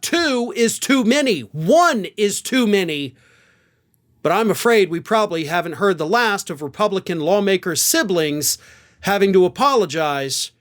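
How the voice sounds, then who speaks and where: A man from the American South hosting political commentary, sarcastic and animated, with lots of rhetorical questions. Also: high voice.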